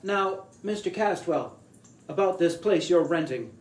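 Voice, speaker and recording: A man's voice: high voice, expressive, unhurried. A prim, middle-aged small-town real estate man, as a storyteller puts him on. He talks formally and fussily, counting off his points one after another. The reading has a roomy echo. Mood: fussy. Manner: fussy, formal and long-winded.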